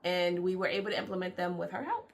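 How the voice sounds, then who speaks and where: A woman's voice: lowish voice, expressive, quick pace, vocal fry. A woman co-hosting a parenting vlog, talking casually and upbeat, often laughing. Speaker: vlog co-host. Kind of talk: casual chat.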